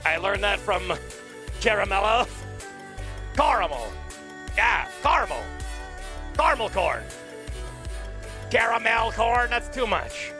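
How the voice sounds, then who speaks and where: Brief: a man playing an excitable puppet morning show host, giggly and playful, high and animated. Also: moderate pace, over music. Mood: silly. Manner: playful, giggly, wordplay-loving. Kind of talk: casual live-stream chat.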